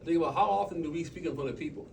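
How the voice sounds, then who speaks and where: A man telling stories and coaching his team in an impromptu motivational talk, animated, with quick bursts and trailing asides. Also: fairly high pitch, gravelly, far from the mic, a little hiss or hum. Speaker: speaker at a team meeting.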